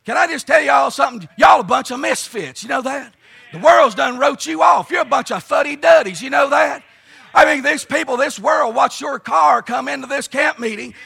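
High, gravelly shouting preacher. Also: male voice, moderate pace. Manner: fervent, folksy storytelling with frequent "uh" and "let me tell you something". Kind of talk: shouted revival sermon. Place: camp meeting service.

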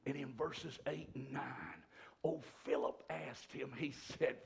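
A male preacher, delivering a sermon that swings from shouts to hushed whispers. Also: mid-range voice, measured pace, creaky, slightly rough.

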